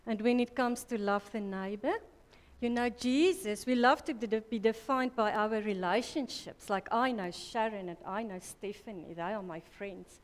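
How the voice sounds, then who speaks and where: A woman preaching a sermon at a church women's conference, slow and deliberate, correcting herself mid-sentence. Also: mid-range voice. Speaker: conference speaker. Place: church hall. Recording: reverberant church hall.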